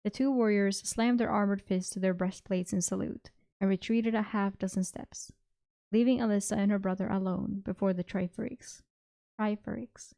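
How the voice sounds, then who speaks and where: A young woman streamer reading a fantasy story aloud at an unhurried pace, now and then correcting a word. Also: medium pitch, fairly even intonation, dark tone. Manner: unhurried, occasional self-corrections.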